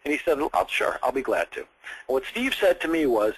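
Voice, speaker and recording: A man's voice: mid-range voice, a little fast, breathy edge, poor audio. A man telling a story from his sales career in a training session, acting out other people's lines as he goes. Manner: animated storyteller, acts out quoted voices.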